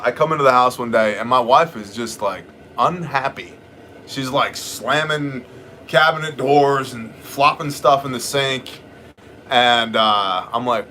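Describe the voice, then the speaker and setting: Bright-voiced joking livestream host man. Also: mid-range voice, slight background noise. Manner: blunt, joking, rambling asides. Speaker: livestream host answering chat questions. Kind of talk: casual live chat.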